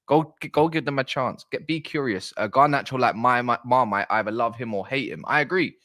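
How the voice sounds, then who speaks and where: A man hosts a football livestream in a brisk, medium-pitched voice, his South East London roots evident. Chatty and casual, he reads out the chat and calls out viewers by name.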